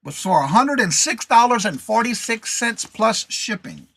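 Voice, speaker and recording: Lively, bright-voiced reseller host. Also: male voice, high voice, moderate pace, slightly rough. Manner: chatty, reads viewer comments aloud, greets viewers by name. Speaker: host of a reseller live show. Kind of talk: casual live-stream chat.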